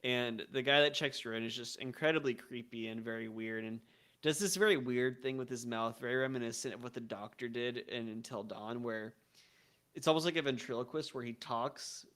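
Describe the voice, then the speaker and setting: A man's voice: medium pitch, brisk, a bit bright. Male podcast co-host, easygoing and giggly, hesitant restarts. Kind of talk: casual chat about a video game.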